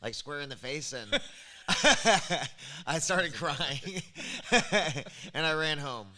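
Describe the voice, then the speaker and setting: Bright-voiced man telling a story with laughs. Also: fairly high pitch, animated, very slow. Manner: laughs through his story, acts out quoted dialogue. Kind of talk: casual storytelling.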